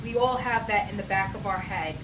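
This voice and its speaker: A woman's voice: mid-range voice, fairly quick, background noise. A woman hosting a talk show interview, effusive and encouraging with her guest. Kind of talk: casual interview.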